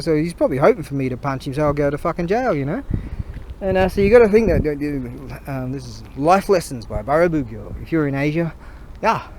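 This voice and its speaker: A man's voice: a little high, darkish tone, slight background noise, poor audio. Rambling, foul-mouthed man telling stories. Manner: profane, rambling, full of slang and fillers. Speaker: vlogger. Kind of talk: rambling casual storytelling.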